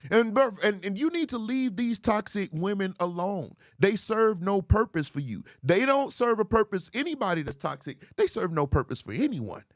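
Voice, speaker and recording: A man hosting a commentary show on viral clips, animated and mocking, laughing often and jumping into high squeals to ridicule. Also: dry recording, clean studio sound. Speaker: host.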